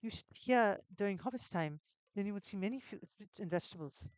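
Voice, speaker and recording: A game streamer voicing a young farmer's daughter in a vague put-on foreign accent, earnest and a little halting. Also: mid-range voice, lively intonation, clear, resonant tone, dry recording, natural voice, rough recording. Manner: earnest, simple, slightly halting.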